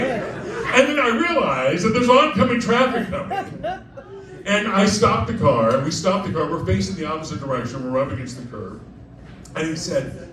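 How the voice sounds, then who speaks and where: High-voiced man telling a laughing story. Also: very animated, fairly quick. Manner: chatty, digressive, often laughing mid-sentence. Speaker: cabaret performer. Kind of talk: live comic storytelling. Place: club stage with diners. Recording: echoey live room, distant mic, crowd noise.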